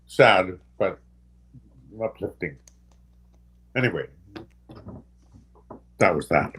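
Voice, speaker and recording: An older man with a fairly low voice, a guest sharing anecdotes in a relaxed, unscripted way. He pauses, backtracks and restarts often, and his stories can turn emotional. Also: a little hiss or hum. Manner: halting, with many pauses and restarts; gets emotional while recovering. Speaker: special guest. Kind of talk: casual anecdotal storytelling.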